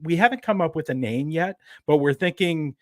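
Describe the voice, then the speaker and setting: A man hosting a podcast, chatting in an easygoing, friendly way with some halting restarts. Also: fairly high pitch, expressive, no echo, clean studio sound. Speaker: podcast host. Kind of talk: casual podcast chat.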